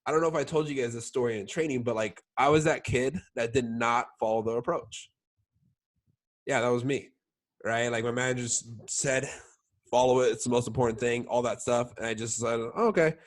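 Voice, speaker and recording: A young man with a medium-pitched, fairly even voice speaks at a normal speed while coaching his sales staff casually. He fills his talk with "like" and keeps asking "all right?"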